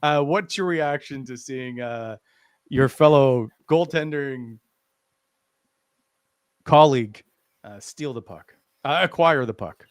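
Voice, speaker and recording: A man's voice: mid-range voice, takes it slowly, pauses often, no echo. A man hosting a casual post-game hockey show, asking easygoing questions and laughing along. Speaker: host, interviewer.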